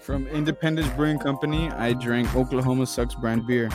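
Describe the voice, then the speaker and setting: A man co-hosting a sports podcast, blunt and deadpan with crude jokes, in casual chat. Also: medium pitch, fairly quick, music in the background. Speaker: podcast co-host.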